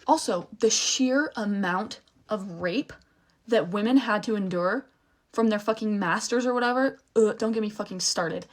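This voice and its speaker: A woman's voice: mid-range voice, normal speed. A young woman ranting angrily to camera, swearing often and breaking off mid-sentence. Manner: angry, swearing often, emphatic; restarts and trails off while upset. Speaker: social media creator. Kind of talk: heated rant to camera.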